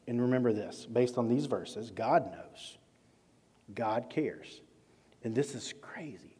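A man's voice: medium pitch, dark tone, breathy edge. A man preaching a sermon as a pastor, talking to the congregation in a conversational, direct way. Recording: long reverb of a large hall.

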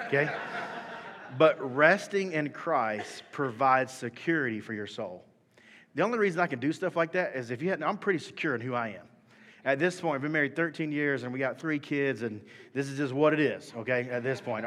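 A man in his thirties preaching a sermon, animated and swinging from soft talk to shouting. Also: mid-range voice. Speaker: pastor. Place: church hall. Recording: long hall reverb.

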